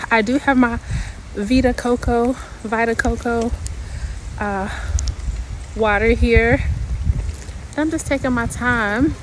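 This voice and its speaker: Lady vlogging on a walk, kinda high voice, wind and leaves rustling behind her. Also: rough recording. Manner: chatty, laughs often, says y'all. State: slightly winded. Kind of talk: casual walking vlog chat. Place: outdoors in a hilly neighborhood.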